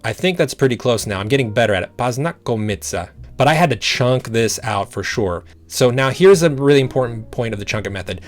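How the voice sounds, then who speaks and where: A man teaching a language-learning method, patient and encouraging, slowly repeating sounds to show how it works. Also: medium pitch, animated, faint music behind. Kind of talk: explaining a study method.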